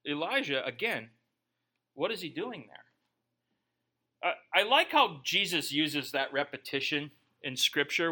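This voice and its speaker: Bright-voiced male pastor preaching. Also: on the high side. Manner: conversational, joking asides, lively. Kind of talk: sermon.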